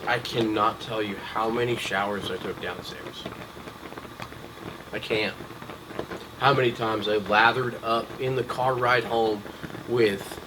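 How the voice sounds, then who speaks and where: A young adult man with a mid-range voice hosts a casual podcast chat, rambling with lots of ums and restarts against a noisy background.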